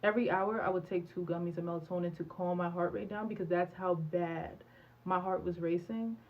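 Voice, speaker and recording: Young adult woman, candid storytime vlog voice, animated delivery, slightly dull recording. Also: lowish voice, brisk. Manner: animated, candid, acts out dialogue with many fillers. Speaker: vlogger.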